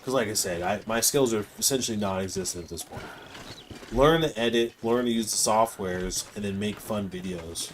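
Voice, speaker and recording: Speaking at normal speed, a lowish-voiced man co-hosts a live game stream, rambling playfully in casual chat. Some slight hiss or hum is audible.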